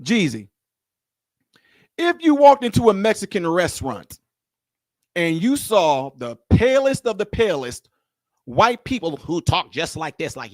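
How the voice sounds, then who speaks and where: A high-pitched man talks straight into a dry, close mic, teasing and animated as he comments on a clip. He repeats his lines for effect and keeps the banter going. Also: normal speed, no echo. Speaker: video commentator. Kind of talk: reaction commentary.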